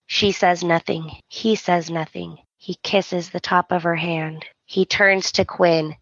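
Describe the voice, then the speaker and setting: A woman's voice: on the low side, fairly even intonation, takes it slowly, dry recording, lo-fi sound. A woman hosting a podcast, chatting casually and acting out characters' lines as she recaps. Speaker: podcast host.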